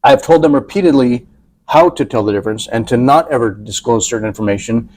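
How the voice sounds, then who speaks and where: A man's voice: mid-range voice, a little fast, a little mellow. A man co-hosting a podcast, talking casually and rambling with many restarts. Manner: rambling, hesitant, frequent fillers and restarts. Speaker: podcast co-host. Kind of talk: casual chat.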